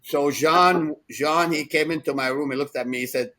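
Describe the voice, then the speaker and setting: Sixties male co-host, animated rambling storyteller, slightly high pitch. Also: moderate pace, low-quality recording. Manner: rambling, animated, laughs often. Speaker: podcast co-host. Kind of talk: casual storytelling chat.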